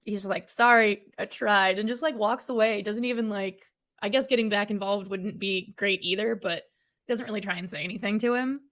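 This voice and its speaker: A woman's voice: medium pitch, fairly quick, low-quality recording. A woman co-hosting a podcast, recapping a film's plot in casual chat and mimicking the characters. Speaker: podcast co-host.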